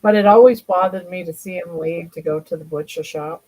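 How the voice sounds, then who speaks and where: A woman's voice: lowish voice, a little fast, a little mellow, rough recording. An older woman hosting a casual livestream chat from home, cooing to her pets in baby talk. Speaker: livestream host.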